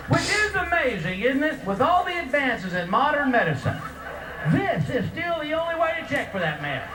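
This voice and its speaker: A man's voice: extremely high pitch, big pitch swings, moderate pace. A man, doing a stand-up comedy routine and acting out the voices of the people in his story. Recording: distant echoey recording with loud background noise.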